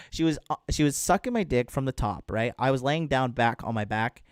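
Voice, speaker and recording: A man's voice: medium pitch, lively intonation, normal speed, smooth, no echo, clean studio sound. A man hosting a casual livestream as a dating coach, talking bluntly and crudely to viewers and reading out chat.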